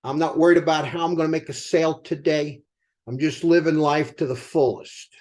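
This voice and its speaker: An older man with a high-pitched voice delivers a motivational sales talk. He tells it as a lively story and keeps asking his listeners rhetorical questions. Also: fairly quick. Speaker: company co-founder speaking to sales team.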